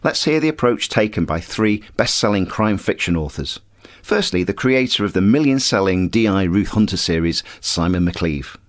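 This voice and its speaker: A male podcast host with a lowish voice reads scripted links between guest clips. His pitch swings widely, which gives the presenting an upbeat, animated lift. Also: normal speed.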